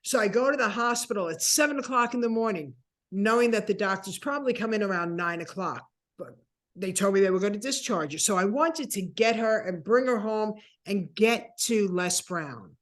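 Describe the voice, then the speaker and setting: A woman in her sixties, a guest telling a personal story with animated, acted-out dialogue. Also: medium pitch, moderate pace. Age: 60s. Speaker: interview guest.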